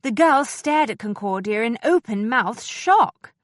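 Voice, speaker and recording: In clean studio sound with no room audible, a woman with a fairly high voice narrates an audiobook in a measured, expressive manner.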